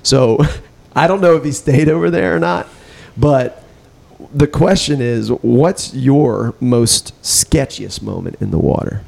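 Gravelly-voiced male surf host. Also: mid-range voice, slow. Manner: relaxed storytelling with laughs and restarts. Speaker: podcast host. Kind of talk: casual chat.

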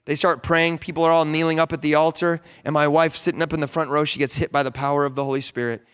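A pastor in his thirties preaches, carrying his stories through to fervent high points. His voice sits a little above the usual male range and sounds smooth and resonant. He talks in a casual way, full of fillers and restarts. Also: fast. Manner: storytelling, animated, rising to fervent peaks. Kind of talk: sermon.

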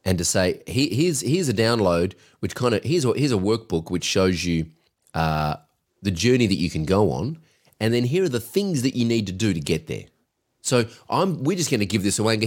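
A man's voice: fairly low pitch, big pitch swings, fairly quick, husky. A man co-hosting a business podcast, coaching in an emphatic, directive way. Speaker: podcast co-host, agency coach.

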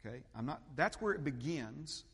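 A man's voice: mid-range voice, lively intonation, moderate pace, a bit bright, husky. Fervent male pastor, reverberant church. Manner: repetitive, emphatic, rising to fervent peaks. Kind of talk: sermon. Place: church sanctuary.

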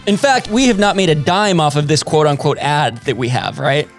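A man's voice: a little high, normal speed, soft background music. A man from the American Midwest co-hosting a podcast in casual chat, talkative, laughing often and restarting his sentences. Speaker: podcast co-host. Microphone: remote call setup.

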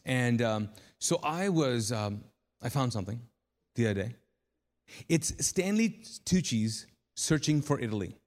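A man's voice: mid-range voice, expressive, measured pace, a little mellow. A man preaching a conversational sermon live in church, telling a story with casual asides. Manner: conversational, chatty, frequent restarts. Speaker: pastor. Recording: live church hall reverb.

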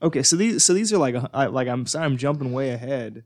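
A man co-hosting a casual podcast who reacts with lots of "wow" and "like" and quick jokes. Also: mid-range voice, lively intonation, a little mellow, no echo, clean studio sound. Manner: reactive, quick to joke and laugh, frequent "wow" and "like". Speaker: podcast co-host. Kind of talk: casual chat.

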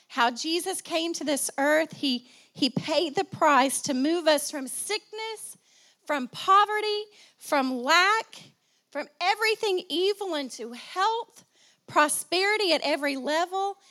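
High-voiced woman pastor preaching. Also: fairly bright tone. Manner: preaching with call-and-response, repeating phrases for emphasis. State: slight cough. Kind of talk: sermon.

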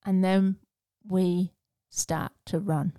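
A woman hosting a devotional podcast, speaking earnestly and encouragingly and dropping to a hush at tender moments. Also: fairly low pitch, little pitch movement, extremely slow, no echo, studio quality. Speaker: podcast host.

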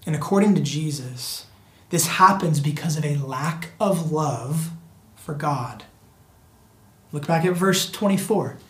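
A preacher giving a sermon in an earnest, repetitive way, often calling the listeners friends and sometimes dropping to a hushed near-whisper for emphasis. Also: medium pitch, animated, unhurried. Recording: echoey room.

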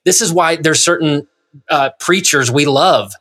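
Male podcast co-host, fairly high voice, earnest explainer. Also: measured pace, a bit bright. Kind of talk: casual chat.

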